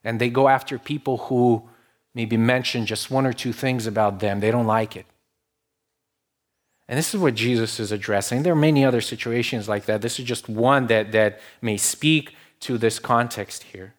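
A male pastor delivers a sermon in an easy, conversational teaching manner, mid-pitched. He leans on rhetorical questions and sinks to a hushed, low voice when quoting. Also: moderate pace.

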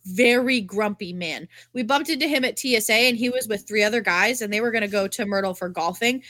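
A woman co-hosting a podcast, telling a story in a casual, animated way, swearing freely and full of "like". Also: medium pitch, a little fast, no echo, studio quality. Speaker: podcast co-host.

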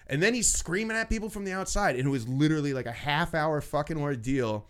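A man's voice: on the high side, quick pace, few pauses, clear, resonant tone. A man telling rowdy stories from working at a comedy club in casual chat, cursing freely and acting out the people in them. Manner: animated, profane, acts out voices in his stories.

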